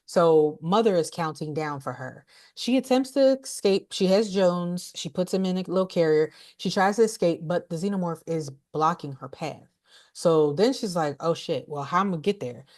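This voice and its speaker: A woman co-hosting a podcast, recapping a horror movie in an animated, blunt and laughing way. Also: fairly low pitch, normal speed. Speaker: podcast co-host, movie reviewer.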